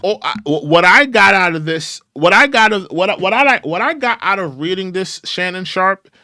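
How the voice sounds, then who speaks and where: Young black guy ranting on his stream, kinda high voice, swings all over. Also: expressive, moderate pace, pushed and bright, no echo, clean studio sound. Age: young adult. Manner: reads documents aloud and riffs on them. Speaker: commentary channel host. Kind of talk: casual livestream commentary.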